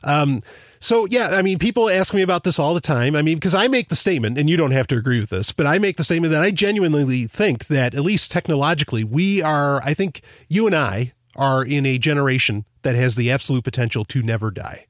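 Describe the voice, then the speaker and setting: A man's voice: a little high, lively intonation, quick pace, dry recording. Rambling man musing aloud, dry sound. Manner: rambling, thinking aloud with many fillers and restarts. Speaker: podcast host. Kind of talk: casual conversational discussion.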